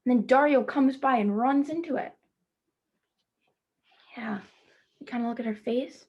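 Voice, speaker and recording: A woman teacher reading a children's picture book aloud, stopping to gently ask her young listeners questions. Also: fairly high pitch, unhurried, husky, lo-fi sound. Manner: speaks to children as "friends".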